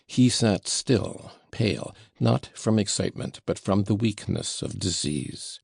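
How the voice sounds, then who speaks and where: Deep gravelly guy narrating an old novel, husky, dead dry sound. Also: expressive, measured pace, darkish tone, no echo. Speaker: audiobook narrator. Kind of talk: scripted narration of a classic novel.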